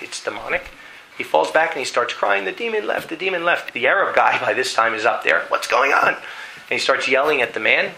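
A man preaching a sermon, telling a dramatic story in an animated way and reading scripture aloud. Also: mid-range voice, gravelly, slight background noise, rough recording. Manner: animated storytelling, acting out voices.

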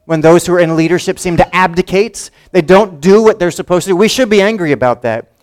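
A man's voice: sits high, a little fast. A male pastor preaching a conversational sermon in a church, often asking his congregation questions.

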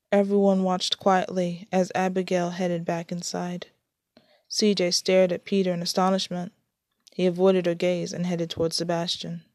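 A woman reading her own story aloud in a plain, unhurried way, with small slips and restarts. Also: fairly low pitch, flat delivery, darkish tone, no room sound, clean studio sound.

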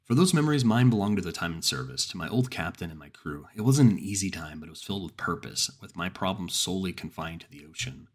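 A man narrating a horror story in the first person, slow and grave. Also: low-pitched, expressive, breathy edge.

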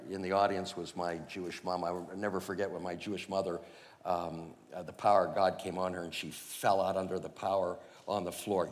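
A man preaching and telling his own conversion story, animated and chuckling, with lots of fillers. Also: low-pitched, in a large hall. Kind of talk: personal testimony storytelling.

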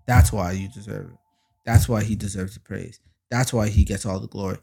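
A man hosting his own faith podcast, talking casually but preaching hard. He uses slang and fillers, and he swells louder and slower on lines of praise. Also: fairly low pitch, fairly even intonation, gravelly, slightly rough. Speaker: podcast host. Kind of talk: faith-based podcast monologue.

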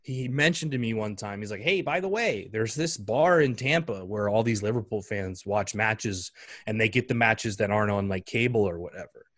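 A man's voice: fairly low pitch, lively intonation, moderate pace, a bit bright, dry recording. A man in his thirties telling a story casually and animatedly, acting out the voices of the people in it. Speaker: guest.

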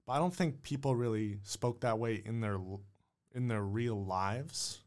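Low-voiced man musing aloud as host. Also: unhurried, darkish tone. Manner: musing, unsure, rambling with hedges. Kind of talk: casual solo monologue.

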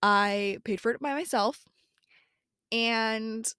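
A woman's voice: on the high side, fairly even intonation, normal speed, a bit bright, clean tone, no room sound, studio quality. A young woman talking casually in a personal audio journal, rambling with many fillers and talking to herself. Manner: rambling, lots of "like" and "um", self-talk. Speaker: podcast host.

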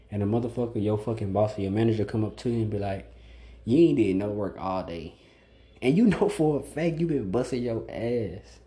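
A man talks straight to his listeners in a casual solo podcast. His voice sits low and sounds dark and mellow, and he speaks bluntly and profanely, with "like" between nearly every phrase. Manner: blunt, profane, repeats "like" constantly. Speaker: podcast host.

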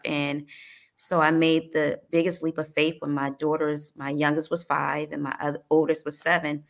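A woman from New Jersey speaks as an interview guest in a low, fairly level voice. She recounts her personal story in an earnest, halting and emotional manner, with frequent restarts. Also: flat delivery, vocal fry. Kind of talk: personal life story in conversation.

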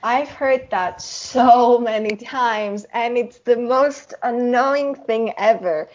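A woman's voice: a little high, slow pace, darkish tone. Young woman co-hosting, chatty and explaining. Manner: explanatory, uses "you know" and "like" often. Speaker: podcast co-host. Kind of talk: casual chat.

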